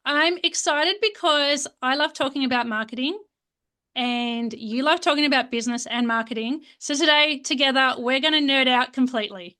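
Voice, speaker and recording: A woman's voice: high voice, normal speed, sharp tone. A woman hosting a podcast interview, upbeat and enthusiastic. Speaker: podcast host.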